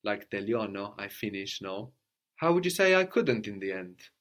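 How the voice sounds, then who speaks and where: A man leads a guided language lesson with a somewhat low voice. He explains patiently, prompts his student with questions, and tags his points with "no?". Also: big pitch swings, normal speed, a bit bright. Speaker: language teacher.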